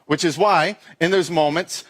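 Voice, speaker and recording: A man with a fairly high voice delivers a sermon as pastor at a church. He talks conversationally, pokes fun at himself and acts out animated asides. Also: moderate pace. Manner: conversational, self-deprecating storytelling with animated quoted asides.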